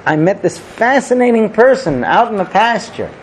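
A man's voice: high voice, sing-song, moderate pace, slight background noise, voice pushed up. A man voicing an earnest young princess. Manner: earnest, insistent. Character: idealistic young princess, lovestruck.

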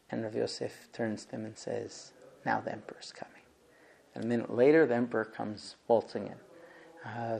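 Male religious teacher, storyteller who acts out every character, lively and expressive. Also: medium pitch. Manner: acts out characters with big swings from shouts to hushed whispers. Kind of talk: animated storytelling lesson.

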